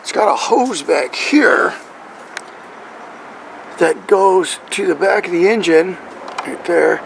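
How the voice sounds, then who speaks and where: Brief: gravelly, slightly high-voiced man, rambling DIY explainer with faint outdoor hum behind. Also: slow pace, low-quality recording. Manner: rambling, checks in with "right?" and "okay?". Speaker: truck owner showing his engine. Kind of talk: casual how-to explanation.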